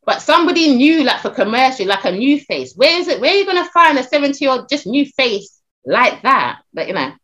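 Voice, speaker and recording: A middle-aged woman, a talent agent and podcast guest, chatting casually in an animated storytelling way with many restarts and fillers. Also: high-pitched, fairly quick, dull audio.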